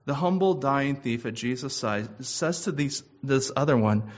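A man's voice: medium pitch, very animated, unhurried, few pauses. A man preaching a sermon, asking his listeners probing questions and repeating phrases for emphasis. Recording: muffled lo-fi recording.

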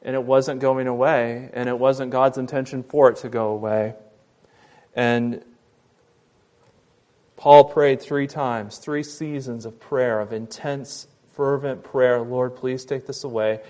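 A man preaching a sermon, retelling a Bible story, loud and emphatic in some passages and quiet and soft in others. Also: medium pitch, fairly even intonation, takes it slowly. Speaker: pastor.

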